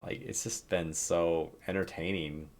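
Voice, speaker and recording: A man's voice: deep voice, unhurried. A man streamer telling stories about game clips in casual chat, laughing a lot as he talks. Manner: animated storytelling, laughs often.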